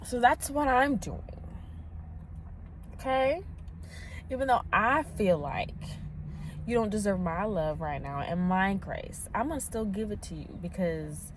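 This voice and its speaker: A woman's voice: medium pitch, slight background noise. A woman vlogging as a stay-at-home mom, chatting casually, preaching a little and venting, from a parked truck. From Latina, US. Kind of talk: casual vlog chat.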